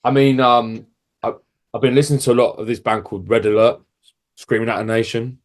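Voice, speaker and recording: A man's voice: medium pitch, little pitch movement, brisk. A man, a band's singer, talking casually in an interview with lots of filler words. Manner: rambling, full of filler words, laughs often. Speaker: band vocalist, guest.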